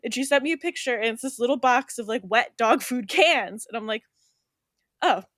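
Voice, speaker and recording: A young woman co-hosts a podcast in an easy, chatty way, her voice sitting a little high. She tells stories with lively energy and puts on voices for the people she quotes. The sound is close and dry, with no room echo. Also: normal speed. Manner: animated, acts out quoted voices, laughs often. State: pregnant. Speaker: podcast co-host. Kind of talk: casual chat, storytelling.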